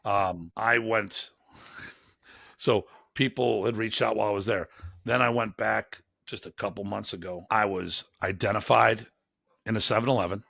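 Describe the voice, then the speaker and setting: Gravelly bright guy telling stories as a guest, does little voices for people he quotes, dry sound. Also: on the low side, measured pace, no room sound. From Buffalo, New York. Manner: animated, acts out quoted voices. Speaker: guest, martial arts instructor. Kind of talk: casual storytelling.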